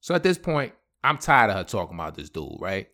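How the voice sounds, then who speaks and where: A man's voice: lowish voice, sing-song, brisk, sharp tone. A young man hosting a podcast, telling a personal story in heavy slang, laughing often. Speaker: podcast host. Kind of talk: casual storytelling.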